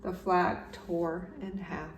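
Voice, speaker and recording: A woman, a teacher, reading a children's storybook aloud with gentle, expressive narration. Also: lowish voice, takes it slowly. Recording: roomy echo, slightly distant mic, faint background noise.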